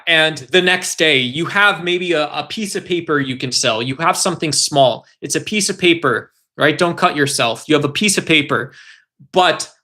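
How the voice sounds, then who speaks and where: Bright-voiced man rambling on a livestream. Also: on the high side. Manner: rambling, conversational, reads and answers chat comments. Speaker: livestream host. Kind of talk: casual political livestream talk.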